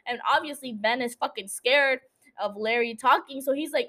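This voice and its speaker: A young woman hosts her own podcast and recaps a TV episode in loose, conversational storytelling. She swears freely and drops teasing asides to her listeners. Her voice sits a little high. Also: fairly even intonation, moderate pace, sharp tone. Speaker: podcast host.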